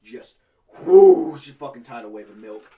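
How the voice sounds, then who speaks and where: Casual:-. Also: male voice, on the high side, moderate pace, far from the mic. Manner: profane, animated, acts out quoted people. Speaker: podcast co-host. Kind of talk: casual storytelling among friends.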